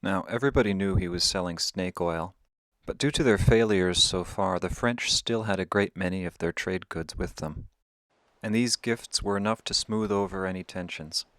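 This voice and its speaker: A man's voice: low voice, normal speed, a bit bright, no echo. A man telling a half-true story in a wry, conversational way. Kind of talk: oral storytelling.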